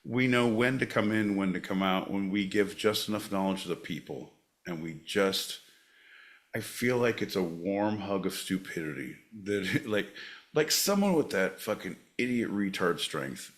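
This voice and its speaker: A man with a slightly low voice, co-hosting a comedy podcast. He trades crude, sarcastic jabs, and now and then he blows up into loud shouting. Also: expressive, moderate pace. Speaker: podcast co-host.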